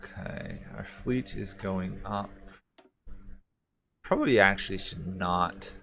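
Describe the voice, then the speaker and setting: A man streaming a strategy game, thinking aloud in a relaxed, rambling way and answering chat questions. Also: deep voice, slow pace, creaky, a little hiss or hum. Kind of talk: casual gameplay commentary.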